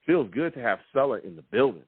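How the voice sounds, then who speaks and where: A man hosting a live call-in sports podcast, talking emphatically and repeating himself with excitement. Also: mid-range voice, quick pace, husky, dry recording. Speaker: sports talk show host. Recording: tinny phone-like, dry sound.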